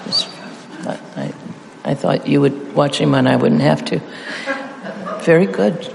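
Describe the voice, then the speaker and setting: A middle-aged male preacher with a somewhat high, gravelly voice who speaks slowly and deliberately. He playfully coaxes his congregation into repeating phrases with him. The sound carries a long reverb from a large hall, with faint ambience behind. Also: background noise. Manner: playful, drills the audience in call-and-response. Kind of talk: interactive sermon.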